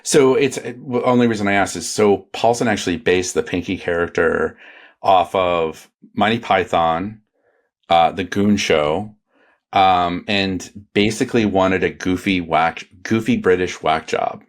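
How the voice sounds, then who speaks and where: A man with a very low voice chats on a podcast panel. He rambles and hesitates, trailing off and restarting his sentences as he explains a topic. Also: measured pace. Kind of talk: casual podcast chat.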